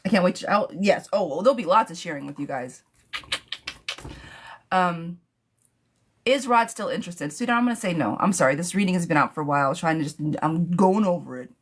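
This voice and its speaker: A woman's voice: fairly low pitch, animated, brisk. A woman giving a live-streamed tarot reading, blunt and chatty, calling her viewers sweetheart and friend. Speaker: tarot reader.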